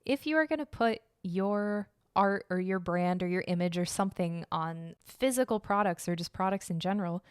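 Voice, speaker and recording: A woman's voice: mid-range voice, normal speed, few pauses, clean tone, no echo, studio quality. A young woman hosting a casual solo art and history podcast, chatty and opinionated, with lots of fillers and asides. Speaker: podcast host.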